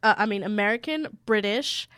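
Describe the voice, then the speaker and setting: A woman's voice: mid-range voice, moderate pace, fairly bright tone, clear, resonant tone, no room sound, clean studio sound. A young woman, co-hosting a podcast in casual, giggly chat full of "like". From Australia. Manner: chatty, giggly, lots of "like" fillers. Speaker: podcast co-host.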